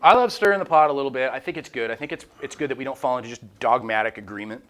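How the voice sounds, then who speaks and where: Man, small-group Bible study leader, informal teaching, animated, candid, self-deprecating, acts out voices. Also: mid-range voice, rapid-fire.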